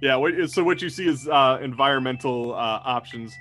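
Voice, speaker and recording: A man's voice: medium pitch, normal speed, sharp tone, soft background music. A man narrating as game master for a tabletop game, casual and rambling, laughing often and swearing freely.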